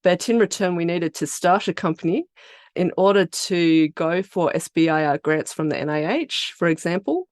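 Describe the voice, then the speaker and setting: A woman's voice: lowish voice, lively intonation, normal speed, darkish tone, no echo. Australian woman explaining at a dry mic. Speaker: biotech company founder and CEO. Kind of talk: podcast interview answers.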